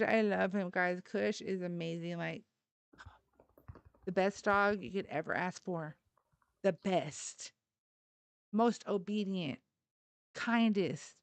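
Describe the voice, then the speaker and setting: A woman talking casually to her livestream audience, rambling from one thing to the next. Her voice is smooth and resonant, and the sound is close and dry with no room echo. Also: medium pitch, slow pace, pauses often. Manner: chatty, rambling, addresses viewers as y'all. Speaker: livestream host.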